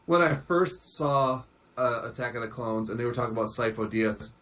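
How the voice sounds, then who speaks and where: A man's voice: medium pitch, normal speed. A man co-hosting a casual pop-culture discussion, joking as he talks. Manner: animated, jokey. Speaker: podcast co-host.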